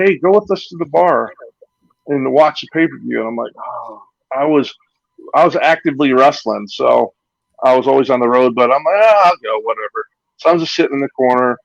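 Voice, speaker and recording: A man's voice: medium pitch, gravelly, dry recording, muffled recording. A man, a former pro wrestler, telling rambling anecdotes and acting out what others said. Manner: rambling anecdotes with acted-out quotes and laughs. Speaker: retired pro wrestler, guest. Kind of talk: casual storytelling interview.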